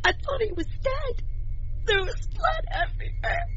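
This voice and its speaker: An actress playing a frightened young woman held captive and questioned, tearful and shaky, answering in halting, broken phrases. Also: very high-pitched, big pitch swings, a bit bright, heavily acted. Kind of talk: film drama dialogue. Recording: dull lo-fi audio with faint music.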